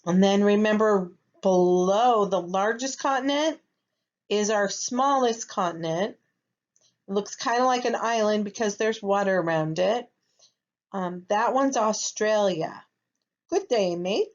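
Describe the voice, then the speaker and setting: An American woman with a medium-pitched voice teaches a first grade lesson, speaking slowly and patiently and checking in with her young students by asking "okay?" The classroom recording is slightly dull and lo-fi.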